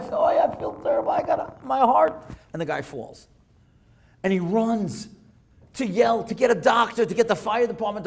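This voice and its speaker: A male rabbi giving a guest lecture in a synagogue tells stories in a storytelling sermon, his high voice carrying a gravelly edge. Animated, he reads Hebrew texts aloud and translates them as he goes.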